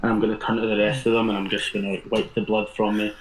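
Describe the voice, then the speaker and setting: Low, flat-voiced man playing a tabletop game. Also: fast, roomy sound, rough recording. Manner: menacing in character, casual asides. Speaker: player. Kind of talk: tabletop role-play.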